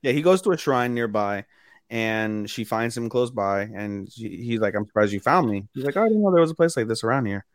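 A man's voice: lowish voice, fairly quick, dry recording, studio quality. A young man co-hosting a podcast, casually and crudely retelling scenes and acting out the lines. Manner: crude, animated retelling with acted-out quotes. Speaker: podcast co-host. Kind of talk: casual chat.

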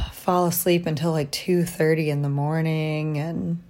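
A woman talking through a personal diary vlog from a hotel room, reflective and halting, tired after little sleep. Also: sits low, steady tone. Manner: reflective, halting, soft-spoken. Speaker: vlogger.

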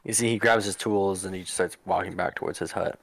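A man's voice: low voice, steady tone, fairly quick, vocal fry, breathy edge, dry recording, rough recording. A man running a tabletop game as game master, narrating the scene in a loose, descriptive way with frequent restarts.

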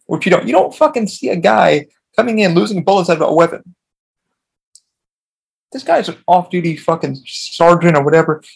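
A man with a gravelly, slightly husky voice pitched a little high, rambling through a story on his podcast. He swears freely and restarts his sentences often, in a loose, casual storytelling way. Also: expressive, moderate pace. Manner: profane, rambling, frequent restarts. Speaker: podcast host.

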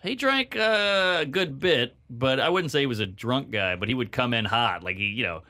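Bright-voiced man telling stories. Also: mid-range voice, normal speed. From Louisiana, US. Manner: animated storyteller, acts out voices in quotes. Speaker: comedian guest. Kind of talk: casual podcast chat.

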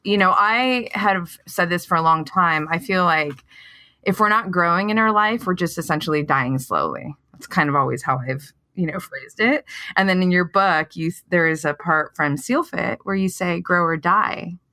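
A woman's voice: on the low side, expressive, normal speed, sharp tone, dry recording. A woman hosting a conversational interview, asking questions in an effusive, appreciative way. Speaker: host.

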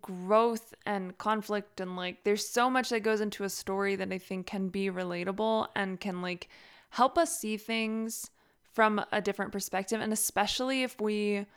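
A young woman, a podcast host and author, talks in a clean, medium-pitched voice on her casual solo podcast. She's chatty and rambling, with lots of "like"s and easy laughter.

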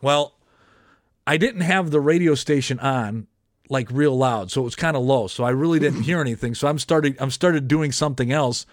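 A man's voice: medium pitch, normal speed, dry recording, clean studio sound. A man who hosts a podcast and has worked as a radio DJ, telling a story in casual chat with many restarts. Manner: rambling, many restarts and self-corrections.

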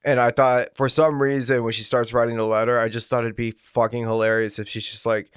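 A tired man co-hosting a casual podcast chat, blunt and deadpan, swearing often. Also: medium pitch, brisk, clear, resonant tone, no echo, clean studio sound. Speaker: podcast co-host.

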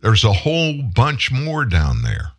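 Casting note: male talk-show host, lively swooping delivery, indignant, rhetorical. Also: mid-range voice, slow. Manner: animated, indignant, rhetorical questions. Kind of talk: political commentary.

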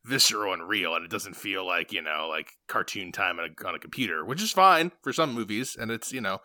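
A man's voice: sits low, expressive, a little fast, pushed and bright. A man in casual conversation discussing a film, chatty with many fillers and restarts.

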